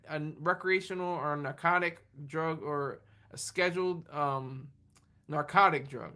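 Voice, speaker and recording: A tired livestream host rambles through casual chat with a bright, forceful voice, laughing often and answering viewers' comments as they come up. The pitch sits mid-range. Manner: tired, running on fumes.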